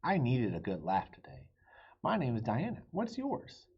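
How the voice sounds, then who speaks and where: A man voicing a sad but kind adult woman in a storybook reading, with a soft, gentle, squeaky delivery. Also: wildly swooping pitch, normal speed, husky, highs cut off, full character voice.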